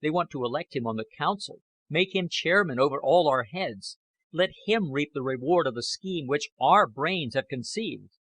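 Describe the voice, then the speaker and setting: Man reading as a scheming man, curt and evasive, husky voice, measured. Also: fairly high pitch, expressive, a bit bright, no room sound.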